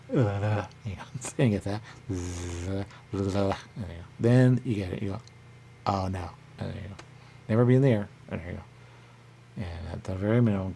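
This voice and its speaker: Man, deep low voice, gravelly fry, rambling solo radio talk, repeats one catchphrase, faint hiss behind. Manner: rambling, repeats "there you go" constantly; acts out others in a high voice. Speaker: radio show host.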